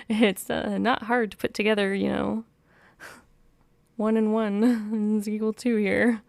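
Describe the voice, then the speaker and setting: Slow, gravelly woman gushing over a book. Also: a little high, little pitch movement, a little mellow. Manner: gushing, laughing asides, whispery narration. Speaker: podcast host reading a novel aloud. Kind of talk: book reading with excited commentary.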